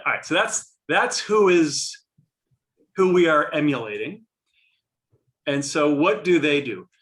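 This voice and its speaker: A man's voice: mid-range voice, bright, forceful tone. A man teaching a class on a prayer text, explaining as he goes and often restarting his sentences. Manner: explanatory, thinking aloud with many restarts.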